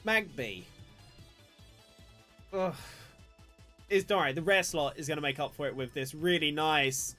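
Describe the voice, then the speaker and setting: Opening trading cards on a live stream, this young man talks to viewers in a rambling, self-deprecating way. His voice sits on the high side with a sharp tone, and he speaks a bit slowly, leaving long pauses. Soft music can be heard behind him.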